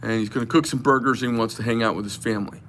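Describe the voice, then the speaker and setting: A man's voice: mid-range voice, fairly even intonation, very fast, fairly bright tone, slight background noise. A man delivering an impassioned, rambling political rant to his viewers, retelling a phone call with a friend. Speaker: knife shop owner.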